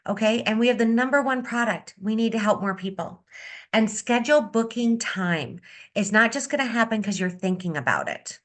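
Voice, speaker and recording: A woman beauty consultant giving an upbeat, energetic sales-training talk on a video call, repeating her key advice. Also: fairly high pitch, moderate pace. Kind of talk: coaching talk on a video meeting.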